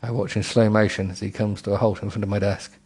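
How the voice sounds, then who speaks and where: A man's voice: lowish voice, level tone, quick pace, darkish tone, husky. A middle-aged man reading a book aloud with comic asides, giggling and stumbling over words.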